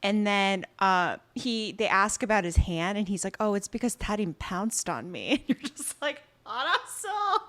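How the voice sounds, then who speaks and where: A woman's voice: medium pitch, normal speed, hardly any pauses. A woman co-hosting a podcast, recapping a drama in a casual chat and acting out the characters' lines. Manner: animated storytelling, acts out characters' lines. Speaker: podcast co-host.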